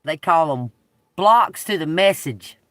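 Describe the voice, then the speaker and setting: A woman's voice: deep voice, animated, takes it slowly, dry recording, studio quality. Profane Southern tarot reader, woman. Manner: blunt, profane, swings between drawl and outbursts. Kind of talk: unscripted video rant to viewers.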